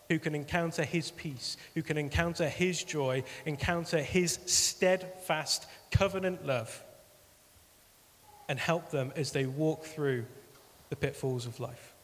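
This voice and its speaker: A man's voice: a little high, a bit bright, long reverb tail. A man giving an earnest sermon appeal as pastor, repeating phrases for emphasis.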